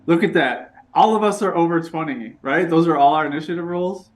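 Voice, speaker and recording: Cheerful higher-voiced man player. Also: brisk.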